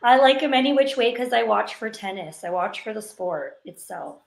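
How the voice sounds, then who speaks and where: A woman co-hosting a casual sports chat, answering calmly and with good humor. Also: on the high side, normal speed, creaky, reverberant. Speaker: sports show co-host.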